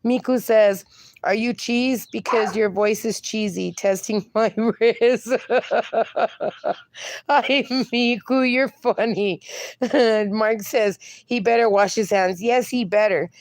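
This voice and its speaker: A woman's voice: on the high side, slow pace. A woman hosting a casual livestream, reading viewers' comments aloud and laughing often between them. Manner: laughs often, reads chat messages aloud; talks sweetly to her dog. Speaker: livestream host.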